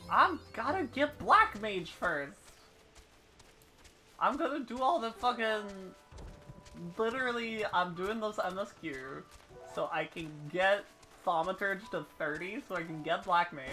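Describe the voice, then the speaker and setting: Woman streamer rambling about her plans, bright voice, bit of game music behind. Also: lowish voice. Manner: chatty, thinks aloud, swears casually. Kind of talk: casual live game stream chat.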